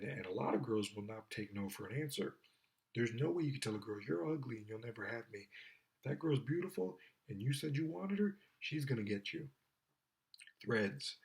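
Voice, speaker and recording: A man delivering a blunt, profane opinion rant, swearing often and mocking others. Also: rough recording. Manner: blunt, profane, mocking, mimics women in high voices. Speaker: commentator.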